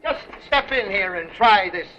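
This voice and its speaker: An actor playing a brash, fast-talking used car dealer in a 1930s comedy film. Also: male voice, sits high, animated. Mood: brisk. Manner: brash salesman patter. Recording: dull 1930s film soundtrack, faint hiss.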